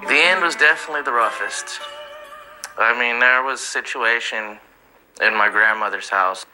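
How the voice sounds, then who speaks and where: A man's voice: medium pitch, moderate pace, music in the background, rough recording. A young man in an interview, hesitantly recalling a hard moment. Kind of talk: interview recollection.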